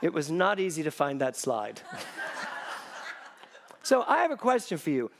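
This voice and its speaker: Lively, high-pitched man preaching a sermon. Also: normal speed, creaky, long pauses. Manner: animated, conversational preaching with jokes and asides. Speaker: spiritual director.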